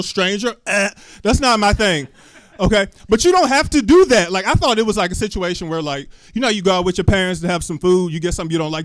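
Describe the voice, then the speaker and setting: A man's voice: high voice, a bit bright, no room sound. A man doing a live stand-up set on a club stage, talking loosely into a handheld mic, cussing freely and peppering the crowd with questions. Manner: loose, chatty, asks the crowd lots of questions, cusses freely. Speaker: stand-up comedian. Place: small comedy club stage.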